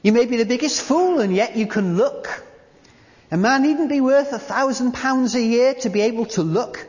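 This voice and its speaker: A preacher voicing a rough, uneducated Victorian lay preacher who exhorts plainly and repetitively, heard in a long church reverb. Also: medium pitch, normal speed, darkish tone, muffled recording, pitched above the performer's own voice, close to an everyday voice. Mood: exhorting.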